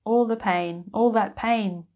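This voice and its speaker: A woman's voice: medium pitch, slow, muffled recording, voice pushed up. A woman voicing a twitchy, guilt-ridden male wizard who stammers and breaks off mid-sentence. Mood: anguished.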